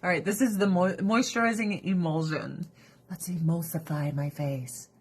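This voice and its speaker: This woman vlogger has a fairly low, slightly rough voice and a moderate pace as she chats her way through a skincare routine. Her casual rant is animated, profane, and sarcastic, and she keeps slipping into mocking voices.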